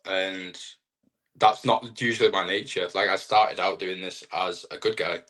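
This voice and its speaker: A man's voice: low-pitched, fairly even intonation, measured pace, sharp tone. A young man, a wrestler, chatting casually in an interview in a rambling, self-deprecating way. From Britain. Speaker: wrestler guest.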